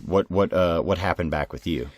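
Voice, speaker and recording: A man's voice: sits low, moderate pace, no echo. A man co-hosting a podcast, retelling a live-action role-play event in casual chat, acting out quoted lines with lots of restarts. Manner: animated retelling with quoted dialogue, many restarts. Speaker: podcast co-host.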